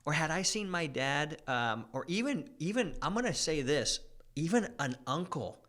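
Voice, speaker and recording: Excitable man host who talks fast. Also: on the high side. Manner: excitable, fast bursts, says dude a lot. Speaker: podcast host. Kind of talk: casual chat.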